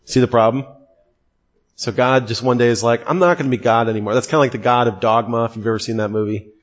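A man's voice: mid-range voice, steady tone, fast. A middle-aged man teaching a theology class, asking pointed questions and repeating key terms for emphasis.

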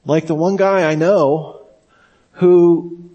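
A middle-aged man speaks as a pastor leading a teaching session at a mid pitch. His delivery is conversational and story-driven. He slips in wry asides as he goes. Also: moderate pace, a little mellow, lo-fi sound. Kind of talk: sermon-style teaching talk.

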